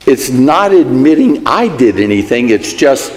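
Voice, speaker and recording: Man, church class teacher, animated delivery, long hall reverb, conversational and example-driven. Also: medium pitch, unhurried, few pauses. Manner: conversational, gives everyday examples and acts out sample apologies.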